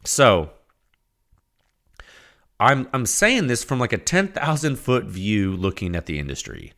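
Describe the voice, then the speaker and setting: A man hosting a solo podcast, talking in a rambling, conversational way with repeated words and quick asides. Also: medium pitch, big pitch swings, fairly bright tone. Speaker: podcast host.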